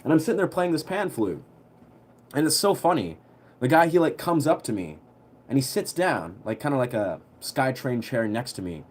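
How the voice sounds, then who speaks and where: A young man telling a story on a livestream in a relaxed, rambling way, full of fillers. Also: mid-range voice, normal speed. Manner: rambling, heavy on fillers, laid-back.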